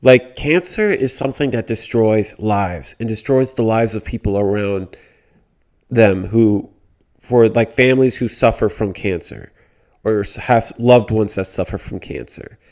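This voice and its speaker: A man's voice: fairly low pitch, measured pace, darkish tone. A man giving a casual commentary rant, indignant and blunt, with frequent swearing and many restarts. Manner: mocking quoted whiny voices. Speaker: commentary YouTuber.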